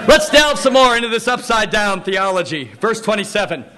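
A man preaching a sermon, telling stories with laughter and shouting exhortations to the congregation. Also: high-pitched, sing-song, brisk, crowd noise.

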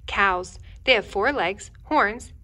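A woman's voice: medium pitch, slow, pushed and bright, slight background noise. A woman voicing a proud young male frog who tells grand tales of the world in a storybook reading. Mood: boastful. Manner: triumphant, mysterious storyteller.

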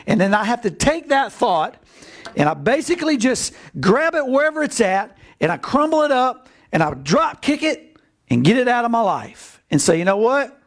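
High-voiced animated male pastor preaching. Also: moderate pace. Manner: animated, bursts into excited shouts when acting out scripture. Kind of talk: sermon.

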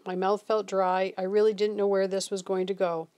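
A woman reads a novel chapter aloud in a steady storytelling manner. Her voice sits at an ordinary middle pitch. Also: moderate pace. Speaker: reader.

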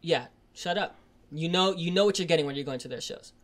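A young man hosting a casual podcast chat, swearing constantly and ranting, getting louder and higher as he heats up. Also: fairly quick. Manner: swears constantly, rants and gets loud and high when heated. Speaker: podcast host.

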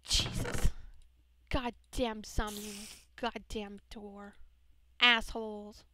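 A woman's voice: fairly high pitch, measured pace. A woman casually commenting while playing a game, swearing a lot and muttering under her breath. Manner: profane, swears a lot at enemies. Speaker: let's play gamer. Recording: constant background noise. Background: mouse clicks.

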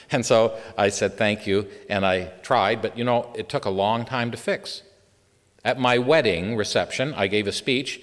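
Guy preaching a sermon, really animated pitch, church hall reverb. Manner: lively, emphatic preaching with sharp pitch swings.

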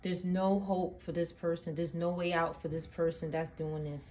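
A woman's voice: lowish voice, steady tone, moderate pace, a little hiss or hum. A woman doing a tarot reading in an emphatic, swearing, impassioned manner. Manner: emphatic, swears often, swings from quiet to loud outbursts. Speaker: tarot reader. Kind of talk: live tarot reading monologue.

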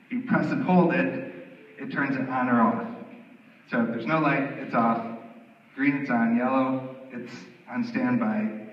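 A man's voice: medium pitch, fairly even intonation, measured pace, pauses often. A man leading a campus ministry meeting, giving practical instructions, often repeating himself. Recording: roomy hall, distant mic, dull sound.

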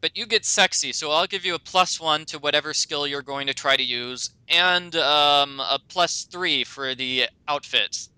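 A man's voice: fairly high pitch, unhurried, few pauses, sharp tone, smooth, dry recording, rough recording. A man narrating as game master in a tabletop game, rambling with many ums and self-corrections.

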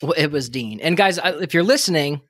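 A man's voice: a little high, animated, fairly quick, a bit bright, no room sound, clean studio sound. A man co-hosting a podcast in casual chat, rambling and joking with lots of fillers and laughs. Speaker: podcast co-host.

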